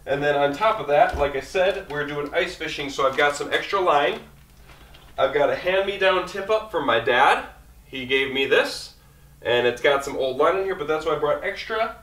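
A man talking quickly and casually through his camping gear, rambling as he goes. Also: medium pitch, fairly bright tone, recorded from a distance, a little hiss or hum. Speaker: outdoor vlogger. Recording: echoey room, mic set back.

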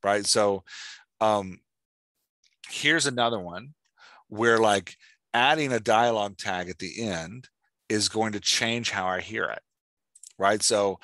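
A man hosting a writing podcast, chatting in an animated way and filling his talk with "like" and "right?". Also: fairly low pitch, slow pace, long pauses, no room sound. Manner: animated, lots of "like" and "right?", reads examples aloud. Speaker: podcast host, writing coach. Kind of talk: casual explanatory chat.

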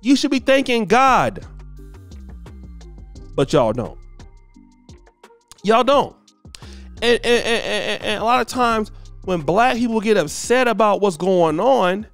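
A man with a high, animated voice gives casual commentary, emphatic and preachy, often repeating himself. Faint music plays behind him. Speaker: commentary host.

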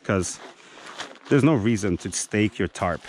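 A man's voice: on the low side, animated, measured pace, a little hiss or hum. A man hosting a casual camping vlog in a forest, teasing his friends and talking in a rambling, joking way. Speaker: vlogger. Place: outdoors in a forest campsite.

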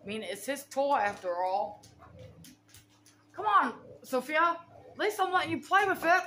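A woman's voice: high-pitched, animated, normal speed, a bit bright, echoey room, slight background noise. A woman filming her dogs at home, coaxing and scolding them between commands. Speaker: dog owner filming her pets. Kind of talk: casual home vlog narration. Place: home, near a kitchen.

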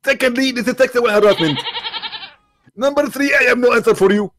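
A man's voice: extremely high pitch, moderate pace, noisy background, pitched above the performer's own voice. A man voicing a flustered middle-aged male preacher who pleads and dodges questions in an exasperated way.

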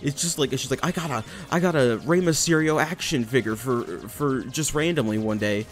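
A man's voice: mid-range voice, fairly quick, faint music behind. A young man rambling and joking through casual gameplay commentary, swearing now and then. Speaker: let's play commentator.

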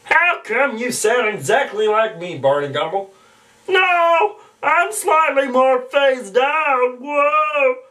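A man voicing a drunken, middle-aged cartoon barfly with a slow, slurred delivery. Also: very high voice, big pitch swings, bright, forceful tone, voice pushed up, full character voice. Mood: boozy. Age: 40s. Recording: distant home mic.

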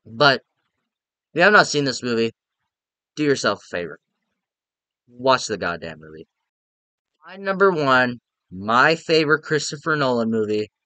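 A young man casually ranking movies, excitable and profane, rambling with restarts. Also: lowish voice, dry recording. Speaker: movie reviewer.

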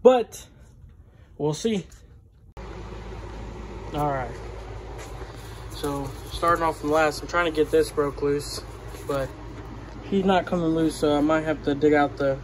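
A garage vlogger with a fairly high voice talks casually while wrenching on a vehicle in his home garage, rambling and packing in fillers, sometimes out of breath. His intonation stays fairly even, his pace is measured with long pauses, and there's slight background noise behind this work-along narration.

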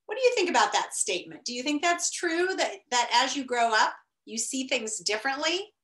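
A woman teacher reading a novel aloud to students, expressive, with chatty asides. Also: sits high, fairly quick. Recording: roomy echo.

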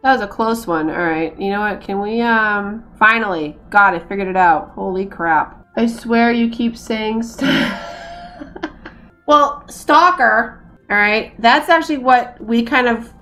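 A woman's voice: fairly high pitch, a little slow, sharp tone. An American woman giving casual, self-mocking commentary as she plays a game, laughing often as she talks. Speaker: gaming streamer. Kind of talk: casual let's-play commentary.

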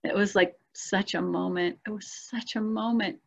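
A woman's voice: mid-range voice, fairly even intonation, normal speed, creaky, slightly rough, lo-fi sound. A woman telling a personal spiritual story in a casual, earnest and emotional way, as a guest on a video call.

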